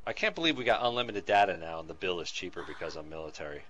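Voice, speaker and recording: Excitable dad streaming games, lively pitch. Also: male voice, rapid-fire, lo-fi sound, a little hiss or hum. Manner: excitable, laughs often, thanks viewers by name. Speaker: gaming streamer playing with his son. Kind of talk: casual game-stream chat.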